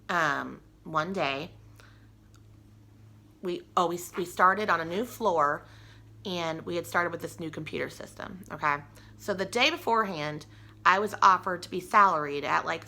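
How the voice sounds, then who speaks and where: A woman's voice: on the low side, vocal fry, sharp tone. A young woman telling a personal story to camera in a chatty, rambling way, full of "like" and restarts. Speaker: vlogger.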